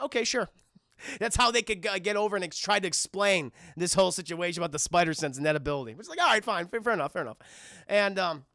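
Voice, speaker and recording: A young man recapping a film to his livestream chat, swearing freely and mimicking the characters in quick put-on voices. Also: high-pitched, creaky, sharp tone, no echo. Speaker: streamer reviewing a film with chat.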